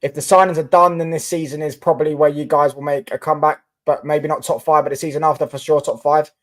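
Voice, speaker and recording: Chatty man with a higher voice. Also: level tone, fast talker. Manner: chatty, reads and answers viewer comments, many fillers and restarts. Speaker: football live streamer. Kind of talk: casual live-stream chat.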